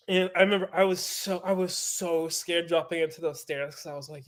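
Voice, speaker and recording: Fairly high-voiced guy, pro biker, animated storytelling, swears a lot. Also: fast talker. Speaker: podcast guest, pro mountain biker. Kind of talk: casual storytelling chat.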